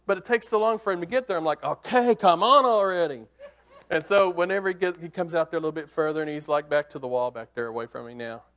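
A man preaching, telling a hunting story as a sermon illustration in an animated, conversational way that swings from hushed to excited. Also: fairly high pitch, racing, few pauses.

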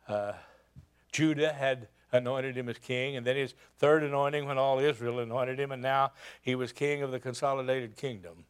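A man's voice: mid-range voice, a bit bright, clean tone. A man preaching a sermon, retelling a scripture story dramatically with rhetorical questions.

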